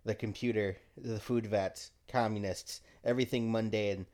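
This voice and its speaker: A man running a tabletop role-playing game on a podcast, dry and deadpan, reading out rules and missions. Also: on the low side, moderate pace. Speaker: game master.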